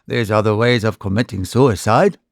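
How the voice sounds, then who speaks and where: A man's voice: fairly low pitch, normal speed, gravelly, dry recording, studio quality. A man voicing a blunt, folksy outlaw sidekick who scolds his partner. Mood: scolding.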